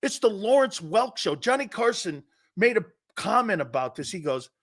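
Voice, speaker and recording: Animated laughing sports talk host. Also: male voice, sits high, normal speed. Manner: animated, laughs often, rambling asides. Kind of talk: casual live-stream talk reading viewer comments.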